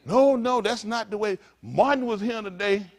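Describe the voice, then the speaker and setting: A male pastor with a high-sitting voice and a moderate pace delivers a fiery street-talk sermon. He fires blunt, profane rhetorical questions at his congregation and throws in joking asides.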